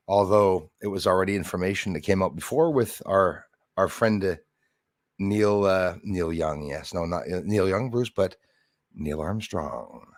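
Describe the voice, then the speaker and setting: With a low, darkish voice, a man casually hosts a live stream, welcoming viewers by name and wandering through jokey tangents, often using fillers and starting over. The recording is dry and studio-clean.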